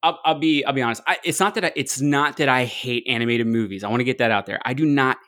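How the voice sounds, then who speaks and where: A man's voice: medium pitch, fast, fairly bright tone, no room sound, clean studio sound. A man in his thirties co-hosting a podcast, chatting casually in a blunt, joking and profane way. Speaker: podcast co-host. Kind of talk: casual chat.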